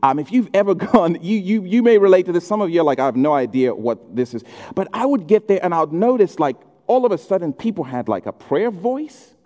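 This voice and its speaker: Animated man preaching with humor. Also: sits high, fairly quick, few pauses. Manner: humorous, animated storytelling with impressions. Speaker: pastor. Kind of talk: sermon. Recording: echoey hall.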